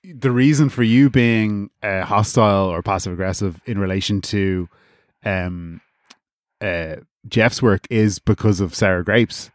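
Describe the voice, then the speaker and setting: A man hosting an improvised comedy call-in show, leading the callers with brisk, mock-serious questions. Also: lowish voice, dry recording, studio quality. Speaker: comedy radio show host.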